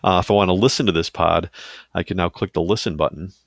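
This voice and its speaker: A man with a very deep, gravelly voice talks through a software tutorial on his computer in a loose, casual way. He fills pauses and adds asides as he clicks along, and the sound is close and dry. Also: dry recording. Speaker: teacher giving a software tutorial. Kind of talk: screen-recorded tutorial.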